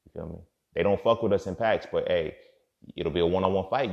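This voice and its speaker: A man with a very low, gravelly voice talks through a loose, profane motivational monologue, full of street slang and checking in with his listener. The recording sounds dull and lo-fi. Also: a little fast. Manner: profane, streetwise slang, repeats "you feel me". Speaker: podcast host.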